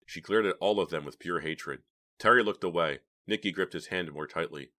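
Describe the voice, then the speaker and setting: A man narrating a horror novel as an audiobook reader, in steady, dramatic storytelling. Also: deep voice, moderate pace. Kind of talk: scripted narration.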